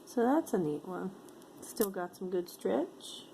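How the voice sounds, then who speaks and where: A woman's voice: mid-range voice, lively intonation, slow, gravelly, mellow, a little hiss or hum. A woman chatting casually to her camera as she sorts through jewelry, musing aloud and easily delighted by each piece. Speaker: vlogger sorting jewelry for sale. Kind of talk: casual show-and-tell chat.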